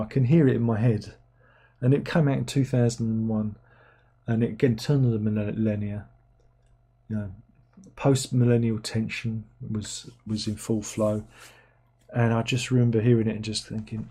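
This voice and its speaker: A middle-aged man hosts a loose, rambling livestream chat. He wanders from topic to topic and stops to read out viewer comments. His voice is dark and mellow, with a husky edge. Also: lowish voice, steady tone, normal speed. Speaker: livestream host.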